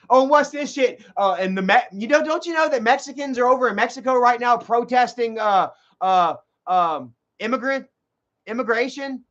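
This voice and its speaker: A man with a very high voice delivers a heated, profanity-laced rant, rambling and restarting his sentences. The recording is muffled and lo-fi. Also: moderate pace, fairly bright tone. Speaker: vlogger. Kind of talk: profane ranting monologue. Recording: dull lo-fi recording.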